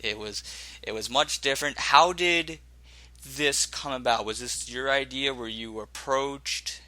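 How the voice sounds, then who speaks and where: A man's voice: mid-range voice, a little slow, sharp tone, dry recording. A man hosting a podcast, probing his guest with several questions at once. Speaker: podcast host. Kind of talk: interview questions.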